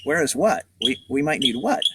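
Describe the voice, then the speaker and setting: A man's voice: mid-range voice, very animated, normal speed. A man voicing a nervous schoolboy who stammers. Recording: distant outdoor mic, birdsong noise.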